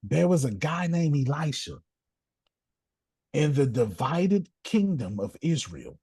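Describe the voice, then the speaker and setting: Animated husky preacher-style male host. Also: fairly high pitch, takes it slowly, no room sound. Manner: animated, repeats phrases, calls listeners by name. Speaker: host and teacher. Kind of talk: preaching-style teaching talk.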